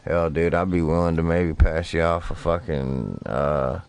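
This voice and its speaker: A man's voice: low voice, a little slow, gravelly, a little mellow, clear, resonant tone. A man streaming a fishing game, telling rambling, profane stories while he plays. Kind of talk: casual gameplay commentary.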